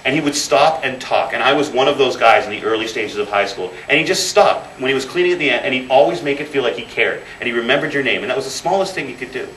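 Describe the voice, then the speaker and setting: Animated and quick, a man in his thirties rushes along with hardly any pauses, his mid-range voice a bit bright. He's giving a motivational guest speech in an event hall, weaving stories with repeated emphasis. A distant mic captures roomy acoustics and faint noise.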